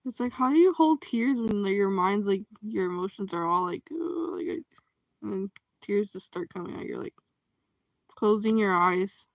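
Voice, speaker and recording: A woman hosting a casual livestream chat, reacting to comments, expressive and quick to laugh. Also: medium pitch, no echo.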